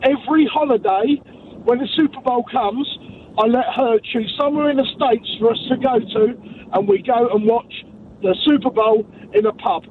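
A man from the UK with a British accent, calling into a radio show and telling a story in an excited, chatty way. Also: very high voice, normal speed. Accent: British English. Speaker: caller. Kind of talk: phone-in call. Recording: tinny phone line with faint noise.

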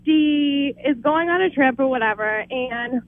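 A woman's voice: high-pitched, a little slow, dry recording. A woman calling into a radio show to tell jokes, giggling through them. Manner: giggly, laughs through her own jokes. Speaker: radio caller. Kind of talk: phone-in joke telling. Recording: tinny phone line.

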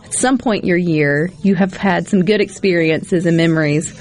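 A woman's voice: lowish voice, darkish tone, faint music behind. A woman from Mississippi, co-hosting a casual radio talk show in a chatty, folksy way. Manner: chatty, folksy, quick asides.

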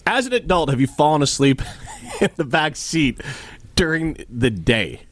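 A man's voice: fairly high pitch, sing-song, unhurried, no echo. A man hosting a sports radio show in a studio, joking with his co-host and reading listener texts aloud. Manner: jokey, teasing, reads listener texts aloud. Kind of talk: casual sports radio banter. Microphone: studio microphone.

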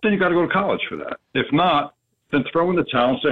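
A man calling in to a radio show, speaking earnestly and haltingly with plenty of fillers. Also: fairly high pitch, lively intonation. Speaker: caller. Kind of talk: phone-in call. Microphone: telephone. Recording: phone line.

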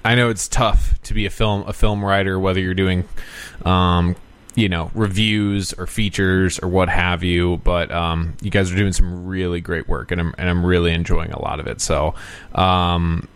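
A man's voice: low-pitched, little pitch movement, normal speed, smooth. A man hosting a film podcast in casual chat, talking in an earnest, rambling, enthusiastic way. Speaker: podcast host.

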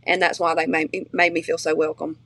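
A woman's voice: deep voice, flat delivery, fairly quick, a bit bright. A woman with a strong regional accent, chatting as an interview guest, rambling with fillers and restarts. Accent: strong regional accent she shares with her family. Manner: chatty, many fillers and restarts, laughs easily. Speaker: interview guest, country singer. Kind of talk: casual interview chat.

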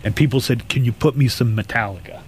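A man hosting a morning radio show, bantering casually with his co-hosts. He tells stories animatedly and jumps up in pitch when he exaggerates. Faint room noise sits behind his voice. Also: quick pace. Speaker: radio host.

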